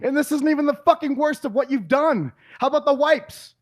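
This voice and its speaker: A man hosting a podcast, arguing heatedly, yelling and swearing in exasperation. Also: very high-pitched, fairly quick. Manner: yelling, exasperated, profane rants. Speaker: podcast host.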